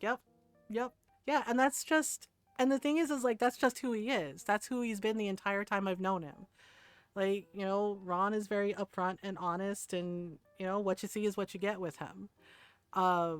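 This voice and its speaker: A middle-aged woman chats casually while streaming a game, retelling stories and acting out the people in them with frequent laughs. Her voice sits in a middle range and sounds close and dry. Soft music plays underneath. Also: medium pitch, clear, resonant tone, dry recording. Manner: chatty storytelling, quotes people, laughs often. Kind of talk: casual chat while gaming.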